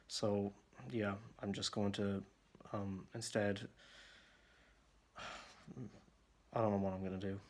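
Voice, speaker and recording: Deep-voiced young man, hesitant and flat. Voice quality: deep voice that cracks at times. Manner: hesitant, halting, with many fillers and restarts; irritated, venting. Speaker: vlogger. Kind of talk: casual monologue. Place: room at home.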